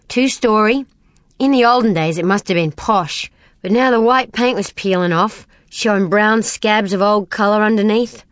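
A woman narrating an audiobook in a plain, even storytelling voice on a close mic. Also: mid-range voice, dry recording. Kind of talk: scripted narration.

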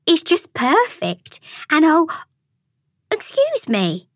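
A woman voicing a showy, enthusiastic female toad with a high-pitched voice, in a storybook audiobook. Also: huge pitch swings, slow pace, a little hiss or hum, exaggerated voice. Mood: gushing. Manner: gushing, enthusiastic.

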